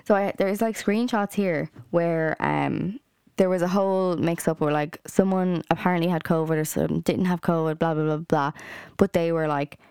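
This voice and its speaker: A young woman with a lowish voice rants heatedly on her own podcast, swearing freely and padding her speech with fillers. The sound is dry and close, with no room around it. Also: fairly even intonation, moderate pace, vocal fry, darkish tone, smooth, no room sound. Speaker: podcast host. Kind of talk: solo rant podcast.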